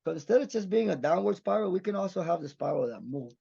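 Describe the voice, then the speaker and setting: A man from Texas talks with blunt, swearing intensity, like a fired-up pep talk. His voice sits a bit high and rough with gravel. The audio is dull and lo-fi. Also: lively intonation, fast, warm tone. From Mission, Texas. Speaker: guest actor. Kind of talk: candid podcast conversation.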